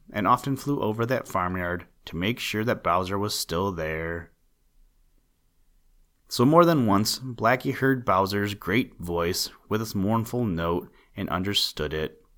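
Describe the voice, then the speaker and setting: Man, fairly low voice, audiobook narrator, children's animal tale, measured pacing, gentle emphasis.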